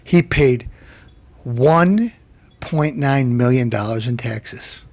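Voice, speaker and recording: A man's voice: mid-range voice, slow pace, darkish tone, no room sound. A man hosting a TV comedy show, delivering a brash, mocking insult rant and laughing at his own jokes. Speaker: TV show host.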